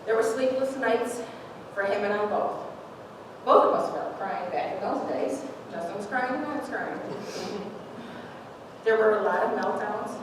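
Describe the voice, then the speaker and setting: A woman's voice: medium pitch, normal speed. A woman in her forties giving an emotional personal testimony at a church service, heartfelt and laughing through tears. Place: church sanctuary. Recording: echoey church hall, distant mic, noisy.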